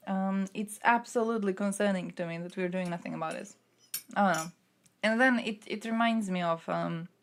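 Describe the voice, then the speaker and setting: Angry swearing woman streamer, gravelly voice. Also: medium pitch. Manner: angry, sweary, sarcastic ranting. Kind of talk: casual live-stream commentary.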